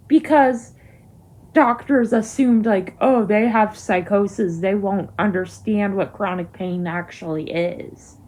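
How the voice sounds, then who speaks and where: A woman's voice: mid-range voice, slow, darkish tone. A young woman ranting heatedly to camera in a vlog, emphatic and swearing often. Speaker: vlogger. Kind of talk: angry to-camera vlog rant.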